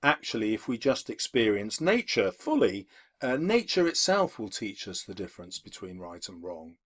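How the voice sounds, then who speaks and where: A man teaching a literature lesson, explaining poetry for exams in a measured way with occasional fillers. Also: lowish voice, very animated. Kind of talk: exam-focused literature lesson video.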